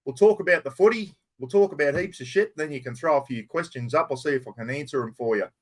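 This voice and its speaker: A middle-aged Australian man hosts a casual live chat, greeting viewers by name and swearing easily. He talks fast in a fairly high voice through a plugged-in microphone.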